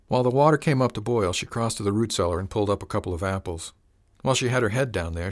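A man narrating a story in a calm, measured, unhurried way. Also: on the low side. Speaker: audiobook narrator.

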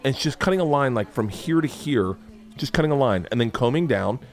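A man hosting a casual podcast chat, rambling and swearing with excitable energy. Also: mid-range voice, brisk, a faint crowd. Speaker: podcast host.

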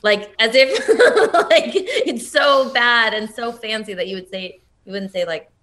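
A woman with a high, bright voice chats casually on a podcast. She rambles, giggles often and peppers her talk with "like.". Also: expressive, measured pace. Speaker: podcast co-host. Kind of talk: casual chat.

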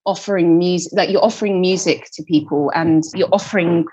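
Woman in her 30s, husky lowish voice, chatty and self-deprecating, swears a bit. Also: steady tone, a little fast, dark tone, highs cut off. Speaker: guest singer-songwriter. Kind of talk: candid podcast conversation.

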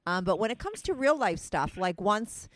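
A woman's voice: medium pitch, sing-song, moderate pace, dry recording. Blunt chatty woman with a New York accent. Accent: New Jersey or New York. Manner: chatty, blunt, teasing, many fillers. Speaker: podcast host. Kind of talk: casual chat over a phone call.

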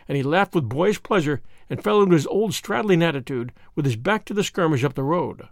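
A man narrating a classic mystery story in an expressive reading. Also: on the high side, brisk, creaky, hardly any pauses, dry recording, studio quality.

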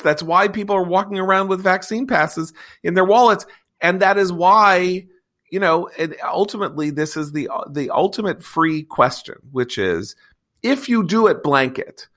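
Bright, heated middle-aged male host. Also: high-pitched, expressive, moderate pace. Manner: heated, ranting, blunt. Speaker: podcast host. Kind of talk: casual debate chat.

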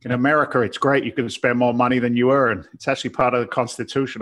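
A man's voice: mid-range voice, steady tone, fast talker, fairly bright tone. Candid English-born man, middle-aged guest. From England. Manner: candid, self-deprecating, many fillers and restarts. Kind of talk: casual interview chat.

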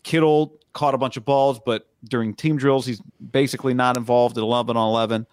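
A man co-hosting a sports talk podcast, recorded on a close, very dry mic. He talks in a measured, analytical way at a mid pitch and answers his co-host with short agreements. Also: steady tone, clear, resonant tone, no echo.

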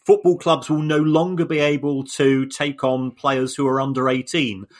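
A man's voice: medium pitch, level tone, moderate pace. A man co-hosting a podcast, explaining things in a casual discussion with frequent restarts and repeated words. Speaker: podcast co-host.

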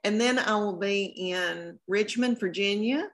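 A woman's voice: mid-range voice, unhurried. A woman chats as a podcast guest. Her talk is folksy and self-deprecating, full of long tangents. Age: 50s. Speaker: comedian guest. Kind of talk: casual podcast chat.

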